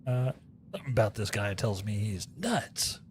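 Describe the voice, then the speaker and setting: A man's voice: lowish voice, big pitch swings, moderate pace, darkish tone, a little hiss or hum. A man streaming a game, chatting casually with his viewers, rambling and repeating himself as he talks. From United States. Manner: rambling, repeats words, chatty asides to chat. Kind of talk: casual chat with live chat while gaming.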